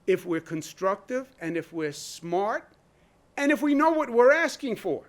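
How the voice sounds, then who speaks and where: This man's voice sits high and moves a little slowly. He speaks as a state governor at a public briefing, blunt and emphatic, hammering home his points with rhetorical questions in a conversational way.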